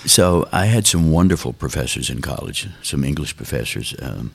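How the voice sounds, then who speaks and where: A man's voice: rumbling low, lively intonation, moderate pace, vocal fry, husky. A older man, a songwriter, talking thoughtfully and unhurriedly in an interview. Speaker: songwriter guest. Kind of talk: reflective interview talk.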